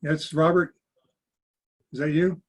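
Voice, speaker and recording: A man's voice: on the high side, level tone, slow, a little hiss or hum. A man chairing a board meeting on a video call, procedural as he recognizes speakers.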